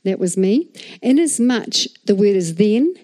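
A middle-aged woman from New Zealand, speaking with her home accent, preaches with a lively, call-and-response rhythm. Her voice is mellow and warm, and sits in an ordinary pitch for a woman. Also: unhurried. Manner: animated, asks the crowd for replies. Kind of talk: sermon.

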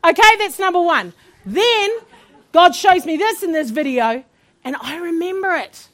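High, lively woman pastor preaching. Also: measured pace. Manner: animated storytelling, laughing asides. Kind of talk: sermon testimony.

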